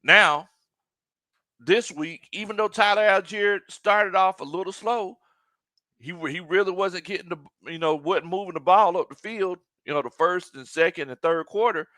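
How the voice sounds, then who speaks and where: A man's voice: high voice, moderate pace, sharp tone, no room sound. A man hosting a casual live football stream, rambling and stumbling over repeated words while he reads viewer comments aloud, a little congested from a sinus infection. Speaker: sports live stream host.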